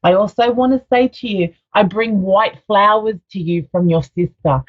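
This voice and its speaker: Woman radio psychic, tender and reassuring, mid-pitched, lo-fi sound. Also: moderate pace. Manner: soothing, affectionate, calls caller sweetheart. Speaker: psychic medium. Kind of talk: live radio psychic reading.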